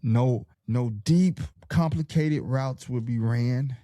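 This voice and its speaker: Fired-up slangy podcast host with a mellow voice. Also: male voice, mid-range voice, slow, no room sound, studio quality. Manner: fired-up, slangy pep-talk delivery. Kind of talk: casual sports podcast chat, reading live comments.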